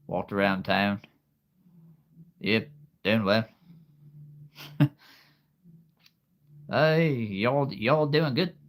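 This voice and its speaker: A man putting on a Southern US accent to play a friendly, folksy cowboy who greets people. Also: mid-range voice. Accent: Southern US (put on).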